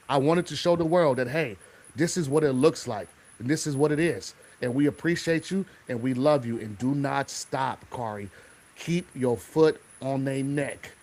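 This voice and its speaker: Fervent man hosting a motivational podcast. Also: medium pitch. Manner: fervent, preacher-like encouragement. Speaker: podcast host.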